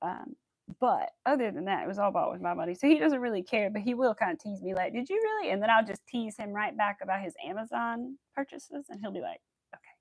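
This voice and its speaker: With a medium-pitched voice touched by vocal fry, this young woman chats casually while crocheting on a livestream. She rambles, uses plenty of filler words, greets viewers, and laughs a lot, all captured in a dry recording.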